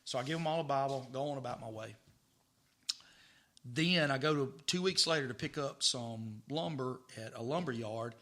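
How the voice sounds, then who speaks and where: A middle-aged man, a podcast guest telling stories in a lively way, repeating words as he goes. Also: medium pitch, moderate pace. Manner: animated, stammering repeats, acts out dialogue. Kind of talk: casual storytelling.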